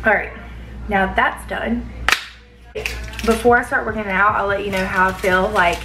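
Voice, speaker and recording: A woman's voice: mid-range voice, fairly even intonation, moderate pace, over music. A young woman talking casually to camera at home as a vlogger, chatty and loose with lots of fillers. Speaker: lifestyle vlogger reviewing a supplement.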